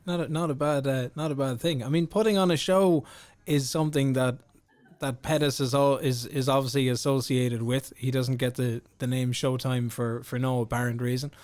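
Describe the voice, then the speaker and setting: A man's voice: mid-range voice, fairly even intonation, normal speed, a little mellow. A man hosting a podcast, chatting casually and rambling with lots of filler words. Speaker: podcast host. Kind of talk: casual interview chat.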